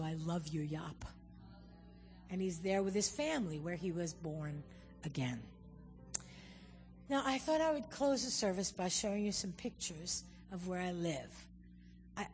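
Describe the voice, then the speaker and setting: A woman guest preacher giving a sermon and telling stories, acting out what people and God said. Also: mid-range voice. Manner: animated storyteller, acts out quotes. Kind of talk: sermon with storytelling. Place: church. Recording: long hall reverb.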